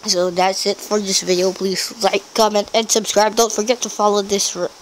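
Excitable goofy gamer with noisy background. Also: male voice, high voice, moderate pace. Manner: excitable, goofy trash talk with sudden yelps. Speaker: gameplay commentator. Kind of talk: let's-play commentary.

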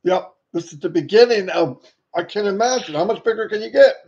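A man hosting a casual livestream, excitable and greeting viewers by name. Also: sits high, a little fast. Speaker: livestream host. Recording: dull lo-fi sound, faint noise.

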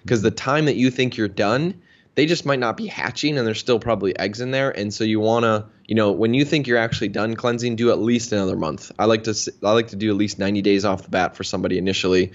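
A man in his thirties from Minnesota tells his story in a casual interview and keeps slipping into the voices of the people in it. His voice sits a little low. The recording is dull and lo-fi. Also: fast talker. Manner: animated storyteller, acts out quoted dialogue. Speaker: interview guest, health practitioner. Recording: dull lo-fi sound.

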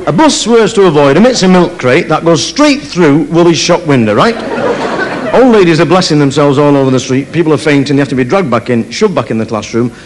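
A man's voice: fairly high pitch, expressive, brisk, crowd noise, noisy background. A man doing live stand-up storytelling on stage, chatty, with many asides of "right?". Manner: chatty, keeps adding "right?". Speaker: stand-up comedian. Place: opera house stage. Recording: live concert recording with audience.

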